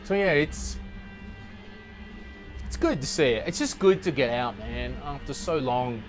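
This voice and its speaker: Rambling, sweary male comic on a balcony. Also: unhurried. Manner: rambling, animated, swears freely, jumps into high mock voices. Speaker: comedy podcast host. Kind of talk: casual comedic monologue. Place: outdoor city balcony. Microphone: portable recorder. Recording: not studio quality, city sounds around. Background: faint music from the city.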